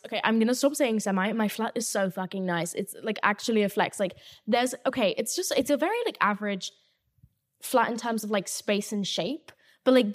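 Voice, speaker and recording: Chatty young woman, swearing freely. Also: on the high side. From England. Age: 20s. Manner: chatty and animated, swears freely, many "like" fillers. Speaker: podcast host. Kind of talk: casual solo chat. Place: her new flat, indoors.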